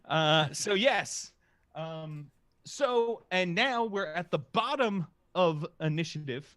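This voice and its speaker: A man narrating a tabletop game as game master, halting and full of filler sounds. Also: high-pitched, animated, a bit bright, no echo.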